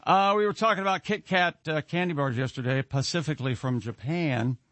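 A man's voice: a little high, brisk, a bit bright, dry recording. A man hosting a casual radio show, joking with his co-hosts and reading out listener emails. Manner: jokey, teasing, reads listener emails aloud. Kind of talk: casual morning show banter.

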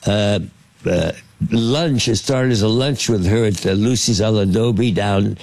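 A man's voice: lowish voice, a little slow, a little mellow, no room sound. An older man, a film producer, telling anecdotes in an interview with many fillers and restarts. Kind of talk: storytelling anecdotes in conversation.

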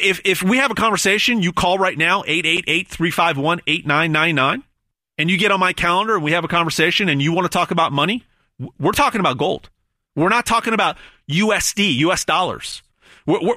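Animated, emphatic man pitching gold. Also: no echo, clean studio sound. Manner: emphatic, stammering repetitions, dramatic pauses on numbers. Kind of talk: hard-sell promotional monologue.

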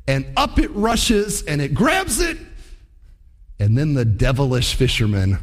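A male preacher giving a sermon, telling stories in an animated way and acting out the voices he quotes. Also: high voice, slow pace.

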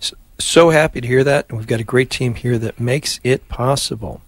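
A man's voice: mid-range voice, moderate pace, no echo. Man leading radio prayers, dry close sound. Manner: steady call-and-response prayer cadence. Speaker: radio host.

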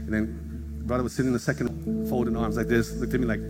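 A pastor preaches a sermon with a story, animatedly acting out the conversations and shifting his voice for each person. He speaks quickly in a medium-pitched voice, with loud music playing behind him.

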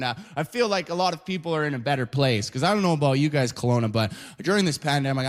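A man performing a stand-up set on stage, telling stories in an animated way, putting on lots of voices and ending lines with "right?". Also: mid-range voice. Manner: animated storytelling with many voices and frequent "right?" tags. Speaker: stand-up comedian.

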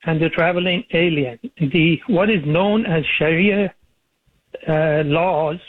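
A man calls in to talk radio over a tinny phone line, his voice dry and a bit high for a man. He argues earnestly and stops now and then with an "uh" to find his words. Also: no room sound. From Iran. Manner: earnest, argumentative, with frequent uh pauses. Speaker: caller.

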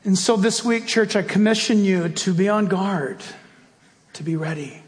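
A man's voice: high-pitched, moderate pace. A male pastor preaching emphatically and praying fervently. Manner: emphatic, rising to fervent prayer. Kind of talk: sermon and prayer. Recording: long hall reverb, faint music.

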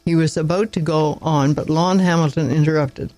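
A man narrating a story aloud in a plain, measured reading with small slips. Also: on the high side, steady tone, darkish tone, low-quality recording.

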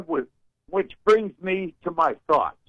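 An older man calls in to a radio show with a folksy, rambling, wry way of talking. He speaks slowly, in a slightly high voice, and keeps clearing his throat. The line is dry and muffled. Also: animated, a bit bright, no echo. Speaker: radio caller. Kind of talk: call-in radio chat.

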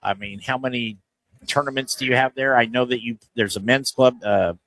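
A man's voice: mid-range voice, fairly even intonation, fairly quick, fairly bright tone, no echo, poor audio. A man hosting a casual interview at a golf show booth, asking easygoing, rambling questions.

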